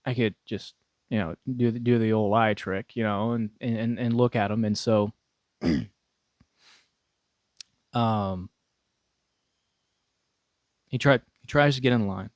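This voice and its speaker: A man's voice: lowish voice, no echo, studio quality. A young man casually telling a story, swearing freely and laughing often between his words. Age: young adult. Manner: profane, laughing often, restarts a lot.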